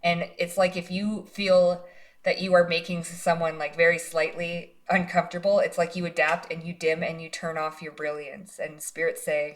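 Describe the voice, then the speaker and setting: A woman with a slightly low voice reads tarot cards for her viewers. She talks in a loose, chatty way and keeps checking in with "right?" as she encourages them. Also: level tone, normal speed. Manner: casual, chatty, often tags lines with "right?" and "like"; encouraging, speaks directly to the viewer as "you". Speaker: psychic tarot card reader. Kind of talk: pick-a-card tarot reading to viewers.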